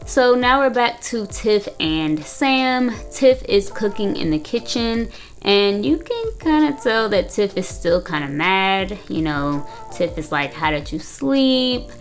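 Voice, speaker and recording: A woman's voice: mid-range voice, takes it slowly, soft background music. A young woman recapping and reacting to a reality show in casual chat, blunt and full of "like" and "you know". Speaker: reaction video host, counseling student.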